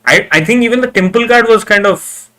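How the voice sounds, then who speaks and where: A man giving casual live reaction commentary, excitable, cheering and groaning at the screen, often repeating himself as he talks. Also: high-pitched, brisk, a little hiss or hum. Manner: repeats words and restarts often. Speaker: reaction video host.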